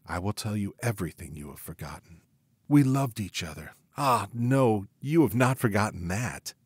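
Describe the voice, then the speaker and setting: A man's voice: lowish voice, husky, no room sound. A man reading aloud, voicing the tender, mournful ghost of a young woman burned as a witch. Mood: mournful pleading. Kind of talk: audiobook reading.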